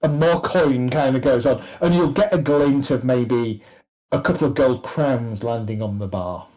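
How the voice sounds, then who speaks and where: A man runs a tabletop role-playing game, describing the scene to his players. He speaks slowly, restarting phrases and feeling his way through each description. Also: medium pitch, warm tone, low-quality recording. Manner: halting, restarting narration. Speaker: game master.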